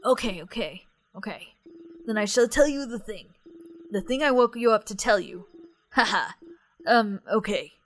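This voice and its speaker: A woman's voice: medium pitch, animated, normal speed, long pauses, natural voice. A woman voicing an awkward, friendly young man in a game playthrough, hemming and hawing.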